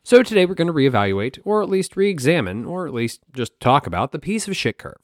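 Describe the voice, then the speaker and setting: Male podcast host, lively swinging pitch, profane and wry, dry close sound. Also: brisk, no echo. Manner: swearing, wry and self-mocking. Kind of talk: solo history podcast monologue.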